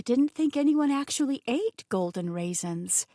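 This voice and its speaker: A woman narrating a fantasy romance audiobook in an expressive, scripted style, recorded close and dry. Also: medium pitch, normal speed, dry recording. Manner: expressive, voices the characters.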